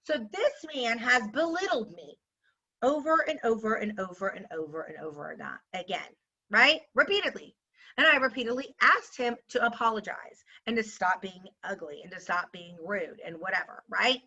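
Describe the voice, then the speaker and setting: A woman's voice: medium pitch, expressive, moderate pace, pushed and bright, slightly rough, dull audio. A woman telling a story to her viewers in a sarcastic, indignant rant. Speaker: vlogger.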